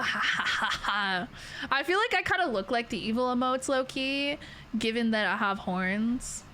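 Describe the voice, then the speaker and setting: A woman's voice: mid-range voice, fairly bright tone, a little hiss or hum. A young Canadian woman with a Canadian accent, chatting casually and rambling with her stream viewers, giggling often.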